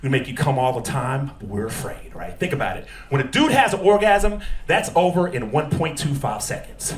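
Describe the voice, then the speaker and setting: Animated stand-up comic in a roomy club. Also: male voice, medium pitch, moderate pace, recorded from a distance. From Texas. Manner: crowd work, acts out characters in put-on voices. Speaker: stand-up comedian. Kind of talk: stand-up comedy set. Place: comedy club stage before a live audience. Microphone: handheld stage mic. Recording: roomy club sound with crowd laughter. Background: audience laughter.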